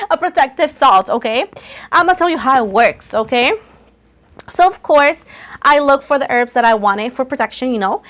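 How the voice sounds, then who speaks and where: A woman casually chatting to viewers as the host of a tarot channel, rambling and often repeating herself, her voice a little rough from coughing. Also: sits high.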